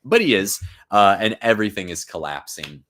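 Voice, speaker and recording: A man in his thirties talks through a play during a live-stream lesson. His voice sits low, and he speaks casually, with plenty of fillers and quick "right?" check-ins. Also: big pitch swings, fairly bright tone, slight background noise. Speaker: literature teacher and channel host. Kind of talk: live-stream reading with commentary.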